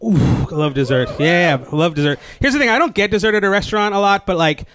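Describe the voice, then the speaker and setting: Fast-talking with a high voice and lively intonation, this New Jersey comic works a live crowd in a stand-up set. His delivery wanders, packed with likes and false starts, and he cracks up at his own material; the stage mic catches the audience noise too.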